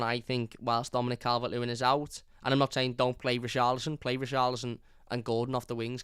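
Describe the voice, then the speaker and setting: A man's voice: mid-range voice, smooth, no echo, clean studio sound. A young man, hosting a fan channel and reviewing a match live, blunt and opinionated, reading out chat comments. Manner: blunt, opinionated, repeats points.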